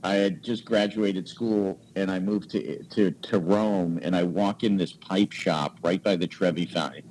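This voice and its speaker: A man in his forties, a guest cigar maker, telling stories in a casual, animated way and acting out quoted voices. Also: sits low, a little slow, low-quality recording. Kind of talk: casual storytelling.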